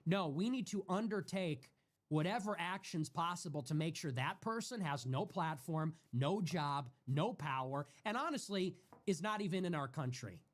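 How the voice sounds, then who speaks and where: Brief: male streamer, furious, profane solo rant, high and swinging voice. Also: lively intonation, normal speed. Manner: repeats himself for emphasis. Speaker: livestream host. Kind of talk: heated solo livestream rant.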